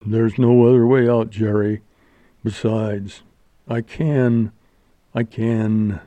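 A man's voice: lowish voice, flat delivery, slow, warm tone, no room sound, dull audio. A man voicing a vain young male actor in an audiobook, slangy and mock-solemn. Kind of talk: audiobook character voice.

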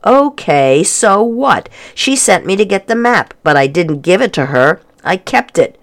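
A woman voicing a defensive, scheming young girl with a whiny, pleading voice that climbs high. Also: sing-song, measured pace. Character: pushy pink-haired girl, defensive and scheming.

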